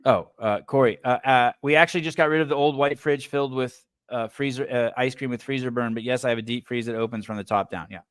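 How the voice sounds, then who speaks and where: A man's voice: medium pitch, fast talker, hardly any pauses, smooth, no echo. Male podcast host, rambling and foul-mouthed, talking close to a dry mic. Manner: profane, rambling riffs with stammered restarts. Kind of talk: casual livestream commentary.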